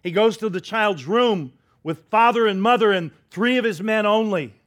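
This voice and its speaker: High-voiced pastor preaching a dramatic sermon. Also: male voice, moderate pace. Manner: dramatic storytelling, drops to a hush for quoted words; leads the congregation in call-and-response.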